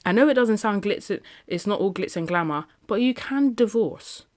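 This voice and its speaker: A woman's voice: mid-range voice, expressive, normal speed, a little mellow. A woman talking casually in a solo podcast, chatty and emphatic, often laughing between points. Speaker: podcast host.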